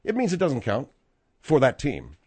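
Animated male sports radio host. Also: mid-range voice, normal speed, husky, no echo. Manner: animated, rambling, with frequent restarts. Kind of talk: sports talk radio banter and news reading.

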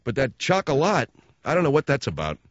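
A man hosting a show, delivering a sarcastic comic rant that swings between loud mocking outbursts and low muttered asides. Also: wildly swooping pitch, a little fast, no room sound, dull audio.

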